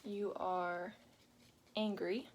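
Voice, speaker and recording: Slow, unhurried young woman presenting. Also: medium pitch, flat delivery. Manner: explains plainly, with pauses and filler "like". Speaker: student presenting a project. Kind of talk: informal class presentation.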